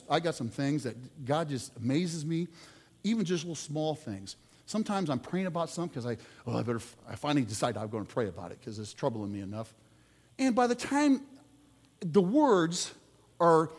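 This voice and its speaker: A man preaching a sermon, telling sports stories with lively swings between loud outbursts and quiet asides. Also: fairly high pitch, in a large hall.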